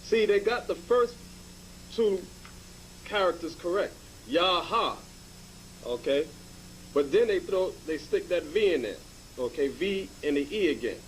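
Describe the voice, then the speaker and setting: A man's voice: high voice, animated, measured pace, pauses often, a little hiss or hum, rough recording. A man teaching in a lecture style, emphatic and checking in with the class by asking "okay?".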